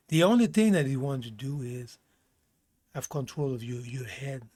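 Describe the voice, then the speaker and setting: A man's voice: medium pitch, measured pace. A man giving blunt life advice in a casual rant, swearing often, repeating himself for emphasis, with small grammar slips. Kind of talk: casual self-help rant.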